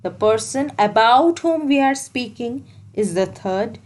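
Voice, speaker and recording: A woman's voice: on the high side, lively intonation, a little slow, a little mellow, rough recording. A woman teaching grammar for exams, explaining step by step and repeating key points. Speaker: English teacher. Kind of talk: exam-prep grammar lesson.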